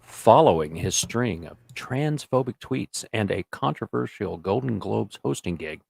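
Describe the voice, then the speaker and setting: A man with a low, gravelly voice co-hosting a casual podcast. He reads articles aloud and breaks in with offhand asides. The sound is dry and close. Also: expressive, measured pace, hardly any pauses, a little mellow, no echo. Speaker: podcast co-host. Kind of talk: casual chat.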